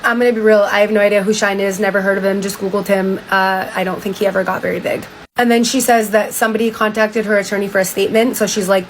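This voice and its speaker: A woman's voice: mid-range voice, fairly even intonation, quick pace, slight background noise, rough recording. A young woman casually retelling a book for social media, chatty and full of "like", reacting with disbelief. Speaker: TikTok storyteller.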